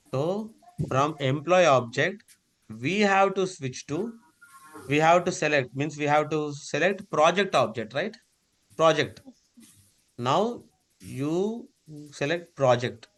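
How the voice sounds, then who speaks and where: A man's voice: on the high side, a bit bright. A man teaching a live online class over a video call, giving repeated step-by-step instructions.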